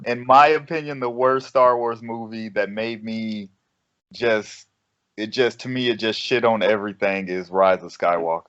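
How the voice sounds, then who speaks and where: A man's voice: on the low side, normal speed, a bit bright, no echo, muffled recording. A man on a podcast panel talking bluntly, with heavy swearing and slang. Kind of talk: casual podcast discussion.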